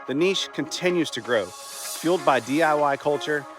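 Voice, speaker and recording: A man's voice: on the high side, normal speed, over music. A man narrating a scripted video essay in a plain, conversational way, with an occasional aside. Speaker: channel host.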